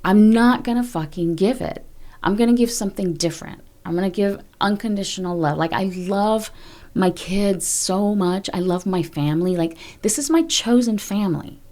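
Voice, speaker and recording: A woman's voice: mid-range voice, moderate pace, mellow. A middle-aged woman speaking candidly as a podcast guest, blunt and emphatic, swearing freely as she talks. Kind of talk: candid conversational interview.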